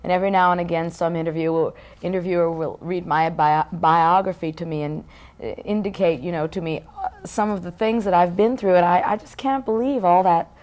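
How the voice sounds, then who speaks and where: A woman's voice: lowish voice, steady tone, fairly quick, darkish tone. A woman in her thirties, a guest in a casual interview, musing aloud and often breaking off to restart her sentences.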